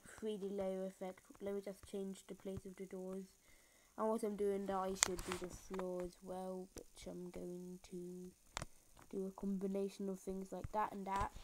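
A woman narrates a casual building tutorial while she plays, rambling and filling gaps as she goes. She makes fun of her own mistakes. Her voice sits at an everyday middle pitch, picked up by a phone screen recorder with a faint hiss underneath. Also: darkish tone, poor audio. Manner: rambling, filler-heavy, self-mocking. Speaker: game tutorial maker. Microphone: phone screen recorder mic.

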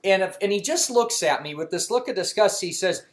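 A man's voice: high voice, normal speed. A man casually telling a funny personal story as host of a mechanics channel, with many fillers and restarts. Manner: animated when quoting himself.

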